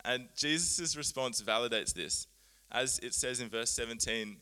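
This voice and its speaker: A man preaching a sermon, earnest and animated, often laughing at himself as he explains Bible words. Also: medium pitch, moderate pace, hardly any pauses, smooth.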